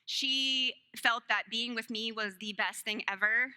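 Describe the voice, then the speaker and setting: A woman's voice: on the high side, a little slow, pushed and bright, smooth. A woman giving a sermon, telling personal stories in a joking, self-deprecating way and laughing often. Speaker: speaker at a church service.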